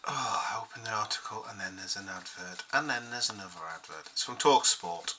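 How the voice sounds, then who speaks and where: Chatty bright-voiced man. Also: lowish voice, a little fast, a little hiss or hum, poor audio. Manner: chatty, rambling, reads quotes aloud. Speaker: fan channel host. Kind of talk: casual solo commentary.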